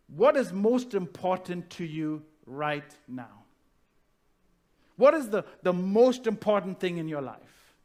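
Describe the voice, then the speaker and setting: A pastor preaching a sermon, asking rhetorical questions and slowing down to stress key phrases. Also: male voice, high-pitched.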